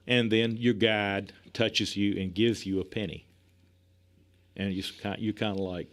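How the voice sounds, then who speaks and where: Guy in his 60s, police chief on a podcast, lowish voice, tells animated stories and acts out the other people in them. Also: unhurried. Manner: animated anecdotes, acts out other people's lines, laughs often. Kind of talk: casual storytelling in a podcast interview.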